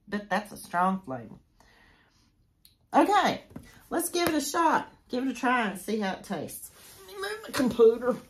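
A woman in her sixties chatting casually to camera as a crochet vlogger, rambling and interrupting herself as she goes. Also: mid-range voice. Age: 60s.

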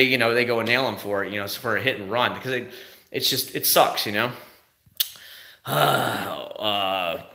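A man's voice: medium pitch, reverberant. A man in his thirties, a car vlogger chatting casually and acting out quotes in his stories. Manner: animated storytelling with acted-out quotes. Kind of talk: casual chat.

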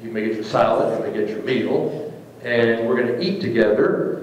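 A man, a pastor, leading a church trip meeting in an informal, joking, animated way. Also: mid-range voice, normal speed, dull audio, slight background noise. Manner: lively, joking, animated teacher. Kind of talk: informal talk to a church group. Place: church fellowship hall. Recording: echoey hall, speaker far from mic.

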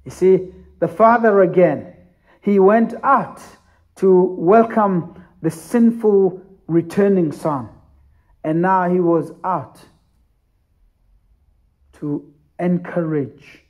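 A man's voice: a little high, phone-quality sound. A man preaching a sermon as pastor, telling the story emphatically with repeated phrases.

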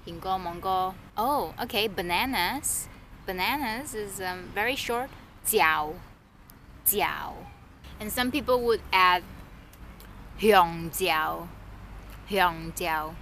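Woman, casual home vlog lesson, unhurried delivery, repeats each word, light background hiss. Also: mid-range voice. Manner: relaxed, thinks aloud, repeats words slowly. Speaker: language teacher vlogger.

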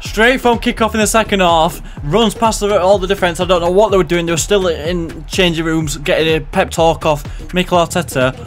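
Excitable young man, fairly high voice. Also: normal speed, few pauses, soft background music. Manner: excitable, jumps between loud outbursts and low muttered asides. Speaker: gaming commentator. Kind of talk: playing commentary on a football video game.

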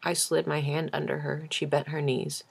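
A woman reading a novel aloud as an audiobook, measured and intimate. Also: low-pitched, level tone, creaky, slightly rough. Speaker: audiobook reader.

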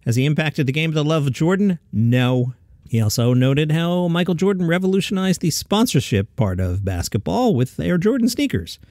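A man's voice: fairly high pitch, sing-song, a little mellow, no echo, studio quality. Chatty comedy-news podcast host, man. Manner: chatty, reads listings with quick asides. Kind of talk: casual news roundup.

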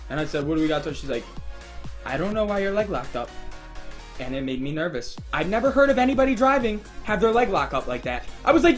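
A young man casually telling a rambling, animated story while playing a video game, getting loud and excited at times. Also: high voice, quick pace. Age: young adult. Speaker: gaming YouTuber. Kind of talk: casual storytime over gameplay. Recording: faint background music.

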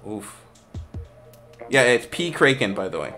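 A man with a mid-range voice hosts a live game stream in a loose, conversational way. He reads chat aloud, stumbles and restarts his sentences, and gets loud with play-by-play when the action heats up. Faint music plays underneath. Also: medium pitch, normal speed. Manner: excited play-by-play shouting during action. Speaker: streamer hosting private game lobbies. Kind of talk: casual live-stream commentary.

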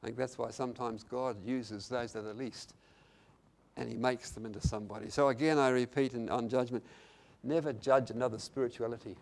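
An older man gives a sermon in a gravelly, mid-range voice, speaking briskly with fairly even intonation. He drives points home by repeating them, alternating soft, intimate moments with loud, emphatic ones.

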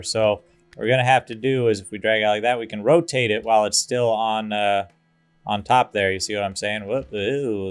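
A man giving casual, goofy let's-play commentary over a strategy game, excitable and full of fillers. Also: fairly low pitch. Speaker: gaming YouTuber.

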